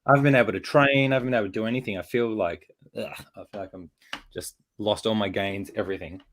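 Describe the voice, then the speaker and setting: A man's voice: fairly low pitch, steady tone, racing, slight background noise. A man hosting a casual chat while posing a figure, talking in a rambling way with many fillers and restarts, and getting over a chest infection. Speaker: host.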